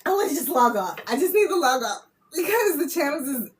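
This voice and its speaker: A woman reading spiritual messages on a live stream, loud and playful, laughing often as she teases her viewers. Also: high voice, big pitch swings, a little fast, a little hiss or hum. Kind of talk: casual live-stream chat.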